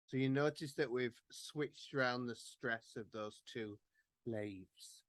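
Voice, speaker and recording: A man, teaching a Gaelic song workshop over a video call and reading the words slowly and carefully, one at a time. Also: medium pitch, dry recording. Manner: slow, careful word-by-word pronunciation. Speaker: Gaelic language tutor. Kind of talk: online workshop teaching pronunciation. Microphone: computer microphone on a video call.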